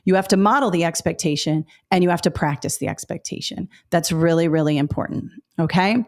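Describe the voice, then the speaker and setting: Lively woman giving teaching advice. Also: on the low side, fairly quick. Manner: lively storytelling, acting out what she says to students. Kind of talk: webinar talk to new teachers.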